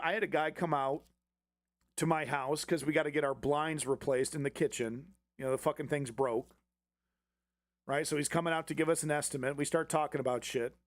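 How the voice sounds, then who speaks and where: A man's voice: a little high, dry recording. A man hosting a political commentary stream, ranting with heavy swearing and sarcastic mockery. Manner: sarcastic, swears often, mocks opponents in put-on voices.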